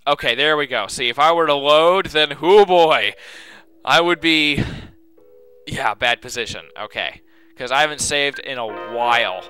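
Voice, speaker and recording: A man giving casual, chatty commentary while he plays a game, excitable and talking to himself. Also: medium pitch, a little slow. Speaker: let's play host. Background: game music.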